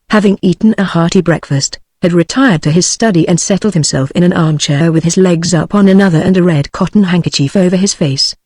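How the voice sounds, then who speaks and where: A text-to-speech British woman's voice narrating an audiobook in even, synthetic tones. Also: on the low side, dry recording. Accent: British English. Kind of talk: scripted narration.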